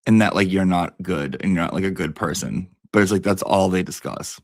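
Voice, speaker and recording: Raspy, gravelly man telling a story. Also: low voice, fairly quick. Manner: rambling, heavy use of "like". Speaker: comedy storyteller. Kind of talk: casual anecdote.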